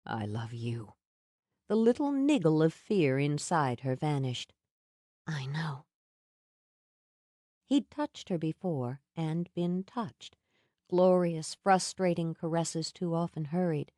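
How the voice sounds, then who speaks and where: Lady reading a romance audiobook, mellow lowish voice, soft and intimate, dry close sound. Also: animated, measured pace, no room sound. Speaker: audiobook narrator. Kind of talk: scripted narration.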